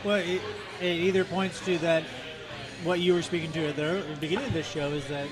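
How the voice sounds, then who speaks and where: Slightly high-voiced guy asking questions in a laid-back podcast, loud bar crowd chatter behind him. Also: a little fast. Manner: relaxed, asks questions, swears. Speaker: podcast co-host. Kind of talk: casual chat. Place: corner of a bar.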